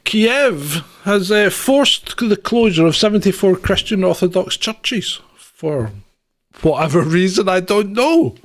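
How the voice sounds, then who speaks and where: A man's voice: sits high, expressive, slow pace. A man co-hosting an irreverent news chat, sardonic and mocking, often laughing. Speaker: podcast co-host.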